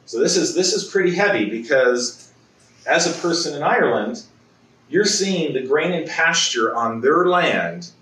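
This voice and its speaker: A man delivering a conversational sermon in a church, often restarting his sentences and clearing his throat. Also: a little high, animated, unhurried, a bit bright, roomy sound, far from the mic, poor audio. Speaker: preacher. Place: church sanctuary.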